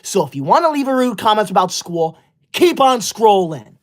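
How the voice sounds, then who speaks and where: A performer playing a self-righteous young livestreamer who loves school, scolding the chat with indignant, sudden shouted outbursts into a close mic. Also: medium pitch, big pitch swings, normal speed, close to an everyday voice. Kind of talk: comedy sketch livestream.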